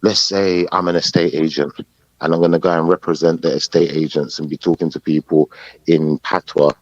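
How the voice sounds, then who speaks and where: A man on a live podcast panel, talking in a measured, hesitant way and searching for his words. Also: extremely low pitch, little pitch movement, no echo. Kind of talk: casual live podcast debate. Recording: dull muffled podcast audio.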